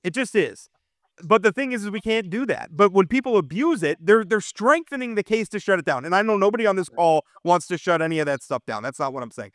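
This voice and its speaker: A male host with a high voice leads a casual discussion. He speaks earnestly and repeats points for emphasis. The sound is dry and close. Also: expressive, fast, few pauses, fairly bright tone, no room sound.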